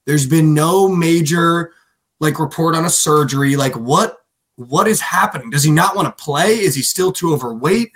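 A man co-hosting a sports podcast in casual, animated chat, swearing freely and mimicking players. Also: a little high, normal speed. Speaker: podcast co-host.

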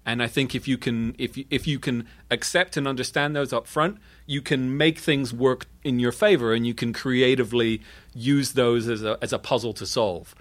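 A man from the United Kingdom speaks with a transatlantic accent as a guest in a casual interview. He talks thoughtfully at a middle pitch, often restarting his phrases as he works out what he means. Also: steady tone, normal speed.

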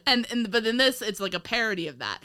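A woman with a bright, ringing voice talks through an old movie in a loose, rambling way. She stumbles, restarts and laughs often, like a relaxed podcast co-host. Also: a little high, fast talker. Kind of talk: casual film review chat.

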